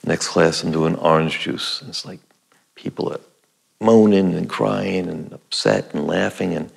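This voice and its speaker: A middle-aged acting teacher speaks to camera in a deep, creaky voice with a breathy edge and a measured pace. He tells a personal anecdote conversationally, acting out lines he once said.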